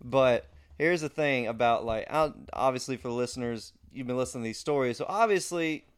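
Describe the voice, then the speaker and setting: A man's voice: medium pitch, a little fast, clean tone. A man hosting a podcast in casual chat, telling a story in an easygoing way. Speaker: podcast host.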